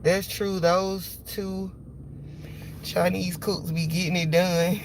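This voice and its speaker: A woman venting on a phone live stream from her parked car, rambling and repeating herself, with sudden loud outbursts. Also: lowish voice, flat delivery, slow pace, noisy background. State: upset after losing her job. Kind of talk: casual venting monologue. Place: parked car in a parking lot.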